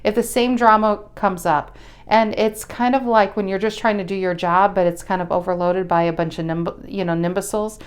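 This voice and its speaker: A woman's voice: mid-range voice, steady tone, moderate pace, smooth. A woman doing a casual tarot reading to camera, talking bluntly and chattily, swearing now and then and often restarting her sentences. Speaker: tarot reader.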